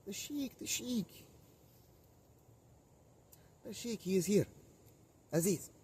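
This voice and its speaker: A man putting on a grand, theatrical desert sheik voice pitched well above his own. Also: lively intonation, takes it slowly, mellow, husky, full character voice. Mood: grandiose.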